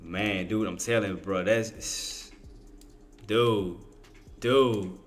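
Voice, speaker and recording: A Louisiana man with a Cajun accent gives casual, excitable livestream commentary on stock trading, full of Southern slang and self-corrections. His voice is on the low side and he speaks extremely slowly. Soft background music plays.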